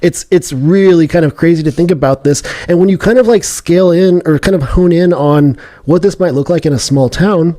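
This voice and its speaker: A man's voice: on the high side, a little fast, few pauses, warm tone. A man co-hosting a news podcast, talking casually with many fillers and restarts. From Texas. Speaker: podcast co-host.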